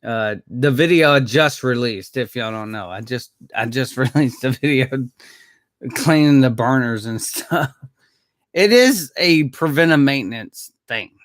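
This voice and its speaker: A maintenance worker in Jacksonville chats casually with viewers on a live stream, laid-back and rambling, chuckling often and swearing now and then. His medium-pitched voice is animated and a little slow, with clean studio sound and no room echo.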